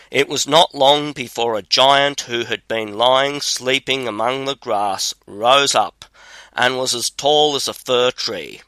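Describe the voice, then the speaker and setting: A man calmly reading a fairy tale aloud as narrator. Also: mid-range voice, no echo, poor audio. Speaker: storyteller.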